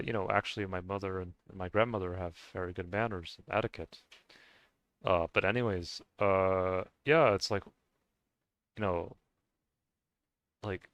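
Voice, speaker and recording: A man vents to his viewers in a low, resonant voice, circling back over his points with restarts, fillers and casual swearing. The sound is dry and close, with no room echo. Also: fairly bright tone, smooth. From United States. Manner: rambling, many restarts and fillers, swears freely. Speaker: vlogger. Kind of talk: casual rant to camera.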